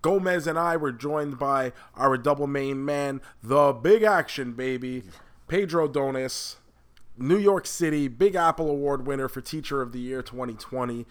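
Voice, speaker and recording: A man co-hosting a casual pop culture podcast, animated, swearing freely and exaggerating for laughs. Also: medium pitch, moderate pace. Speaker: podcast co-host.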